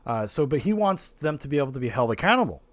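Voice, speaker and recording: A man hosting a podcast, casually reacting with animated, profane, rambling commentary. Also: mid-range voice, fast talker, dry recording. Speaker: podcast host.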